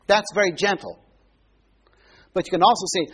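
A man's voice: high voice, steady tone, fairly quick, long pauses, slightly rough. A man preaching a sermon in a conversational teaching manner, often asking his listeners questions.

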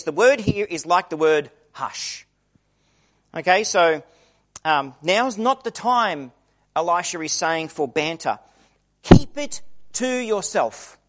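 A man's voice: fairly high pitch, animated, takes it slowly, long pauses, fairly bright tone. A middle-aged man preaching a conversational sermon, acting out the quoted voices he describes.

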